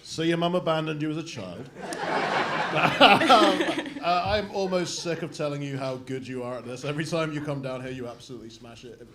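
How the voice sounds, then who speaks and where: A man's voice: a little high, expressive, moderate pace, background noise. A man hosting a comedy show, praising a comedian on stage in a gushing, stumbling way. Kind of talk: post-set chat on stage.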